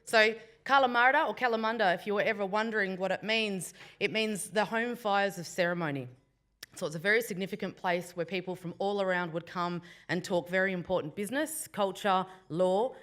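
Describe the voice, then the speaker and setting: A woman's voice: medium pitch, fairly quick. A woman with an Australian accent giving a Welcome to Country speech to a breakfast crowd, joking with the room between formal thanks. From Western Australia. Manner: warm, playful crowd banter. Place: event room before a breakfast audience.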